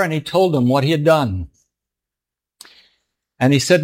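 A man's voice: on the high side, expressive, a little slow, pauses often. A middle-aged man, a pastor, telling a story in a sermon in an earnest, emotional way.

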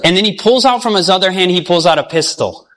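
High, bright-voiced male preacher in a hall. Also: animated, fast talker. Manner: storytelling, acting out voices, asking the audience questions. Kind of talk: sermon.

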